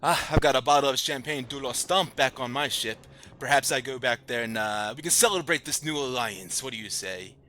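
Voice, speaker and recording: A man's voice: mid-range voice, brisk, bright, forceful tone, slight background noise, natural voice. A man voicing a jolly, eager ship captain offering a celebration.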